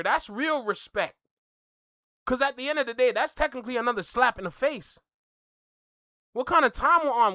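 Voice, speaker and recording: A man with a Toronto accent reacts on camera in casual commentary. He sounds heated and incredulous, and he repeats his points. His voice is bright and forceful, with a dry, close sound and no room echo. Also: very high voice. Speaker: reaction video host.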